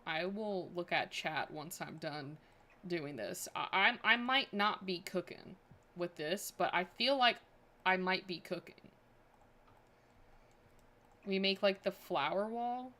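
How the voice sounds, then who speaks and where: A woman's voice: on the low side, lively intonation, measured pace, sharp tone. Chatty woman streamer thinking aloud. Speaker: game streamer. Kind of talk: casual livestream chat.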